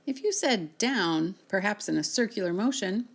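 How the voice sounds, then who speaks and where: A woman teacher giving a recorded reading lesson, sounding out words slowly and clearly for her students. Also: medium pitch, lively intonation.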